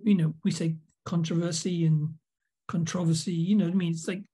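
A man's voice: fairly high pitch, fairly even intonation, fast talker, warm tone, breathy edge. An older man from England, a video producer telling rambling behind-the-scenes stories as an interview guest. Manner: rambling storyteller, many fillers and restarts. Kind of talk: casual anecdotal interview.

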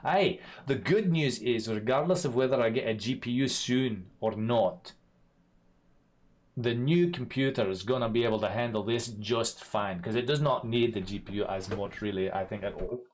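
A young man, chatting casually to viewers on a live stream, swearing and laughing, his voice often jumping loud and high. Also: normal speed.

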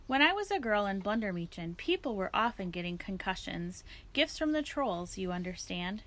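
A woman voicing an eccentric elderly woman philosopher who talks in a formal, digressive, unhurried way. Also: mid-range voice, very animated, fairly bright tone. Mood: musing.

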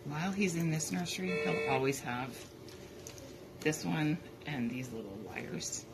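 A woman's voice: low-pitched, lively intonation, measured pace, loud music behind the voice, low-quality recording. A woman working as a nurse in a hospital nursery, chatting and playfully voicing the baby's thoughts. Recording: loud hospital room noise.

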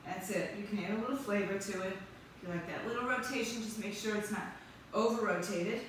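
A woman's voice: medium pitch, fairly bright tone. A woman fitness instructor leading a live workout class, calling out counts and encouraging the group. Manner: brisk counting cues and upbeat encouragement. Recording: very echoey room, distant mic, faint noise.

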